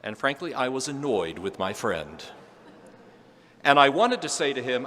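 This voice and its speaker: Priest preaching in an echoing church. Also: male voice, medium pitch, animated, normal speed. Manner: storytelling, gentle and earnest with quiet humor. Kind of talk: homily. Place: large church. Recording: long church reverb.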